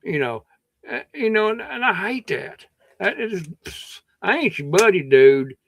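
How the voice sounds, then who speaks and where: A man's voice: sits high, big pitch swings, a little slow, vocal fry, dry recording. A man with a Kentucky accent hosting a livestream in rambling casual chat, his throat a bit scratchy, drawling and meandering with many restarts. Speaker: livestream host.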